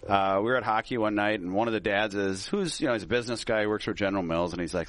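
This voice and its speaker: A man's voice: on the low side, racing, few pauses, fairly bright tone, no room sound. A middle-aged man from Minnesota, a politician guest, telling stories in a casual talk show and laughing often.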